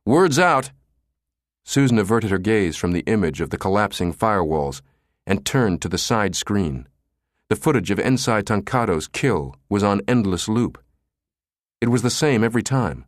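A man narrating an audiobook thriller in a dramatic, expressive reading. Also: on the low side, moderate pace, no room sound, clean studio sound. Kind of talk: scripted narration.

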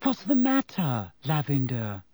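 A man's voice: medium pitch, huge pitch swings, measured pace, a little mellow, husky, no echo, exaggerated voice. A man voicing an earnest, know-it-all schoolgirl who speaks in a precise, lecturing way. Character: earnest, bossy schoolgirl, logical and impatient. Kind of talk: audiobook character voice.

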